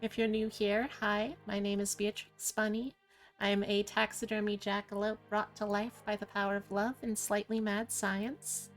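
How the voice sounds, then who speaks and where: A woman hosting a live stream, chatting casually with her audience in a low-key, rambling, self-deprecating way. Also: flat delivery, normal speed, soft background music. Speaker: streamer host.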